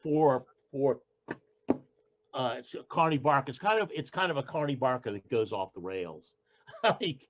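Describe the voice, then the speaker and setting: An older man speaks casually as a poet being interviewed. He keeps restarting and searching for words at a middle pitch, and the recording sounds dull and lo-fi. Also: animated, background noise. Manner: halting, with frequent restarts and fillers. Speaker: poet guest.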